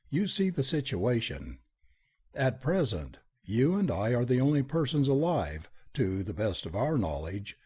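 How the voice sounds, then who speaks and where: A man reading a story aloud as an audiobook narrator, giving the dialogue an expressive, lively delivery. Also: medium pitch, breathy edge. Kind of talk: scripted narration.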